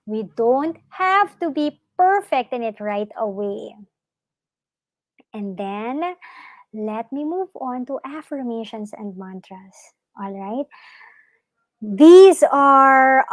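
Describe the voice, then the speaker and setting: A woman giving a gentle, encouraging live online talk to parents on mindfulness and yoga, often asking her listeners questions. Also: on the high side, no echo.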